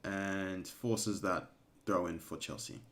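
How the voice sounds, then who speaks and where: A man giving casual live commentary during a watch-along stream, excitable and emotional, breaking into shouts at big moments. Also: low-pitched, takes it slowly. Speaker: fan streamer commentating a match.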